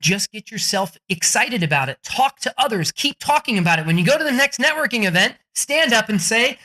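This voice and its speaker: Brash, bright-voiced man giving advice. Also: sits high, very animated, brisk, few pauses. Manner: brash, profane, acts out quoted people. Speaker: guest author. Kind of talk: energetic podcast advice.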